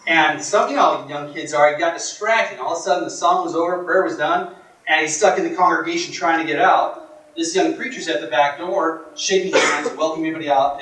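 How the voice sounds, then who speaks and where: A man giving a motivational workshop talk, telling stories in a dramatic, emphatic way that swings from hushed to loud. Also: a little high, fairly quick. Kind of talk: storytelling speech to a live audience. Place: workshop room. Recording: echoey room from far off.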